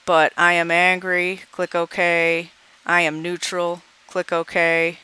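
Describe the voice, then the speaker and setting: A woman's voice: fairly low pitch, completely flat delivery, slow pace, sharp tone, clean tone, no room sound. A woman walking through a coding example in a screencast tutorial, thinking aloud as she debugs and reads out dialog lines. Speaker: programming teacher.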